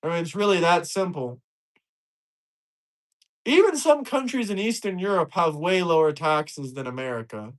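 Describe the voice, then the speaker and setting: A man's voice: fairly high pitch, lively intonation, moderate pace, long pauses, low-quality recording. A man from Florida with a Southern accent hosts a live stream, answering viewer comments in a blunt, heated, profane way and repeating words when he stumbles. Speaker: livestream host.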